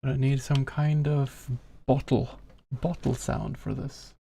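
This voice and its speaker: A man's voice: mid-range voice, takes it slowly, gravelly, dark tone, slightly rough. A young man streaming live as a game developer, chatting with viewers, greeting them by name and muttering to himself while he works.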